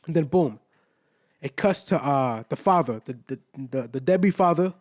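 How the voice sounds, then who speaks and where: A young man with a slightly high-set voice talks through an anime episode in a loose, slang-heavy ramble. He swears freely and drops conversational asides as he recaps the plot, casual and unscripted. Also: expressive, normal speed, a little mellow. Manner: loose and slangy, heavy profanity, frequent "you know what I'm saying" asides. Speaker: anime reviewer.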